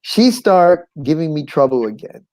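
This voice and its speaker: Animated middle-aged man telling his story. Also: a little high, normal speed, low-quality recording. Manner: animated, acts out quoted voices, chuckles often; conversational with frequent "you know what I'm saying". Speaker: guest sharing his life story. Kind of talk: personal testimony, storytelling.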